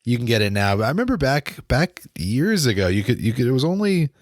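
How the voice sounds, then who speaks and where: A man's voice: mid-range voice, sing-song, fairly quick, no room sound, studio quality. A man hosting a solo podcast, chatting casually and rambling with many restarts. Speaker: podcast host. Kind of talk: casual solo podcast about football and beer.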